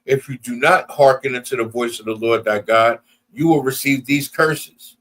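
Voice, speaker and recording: A man's voice: mid-range voice, moderate pace, a bit bright. A man preaching at a Sabbath service, often breaking in with "you understand?" and calling out to the congregation. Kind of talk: sermon and closing announcements.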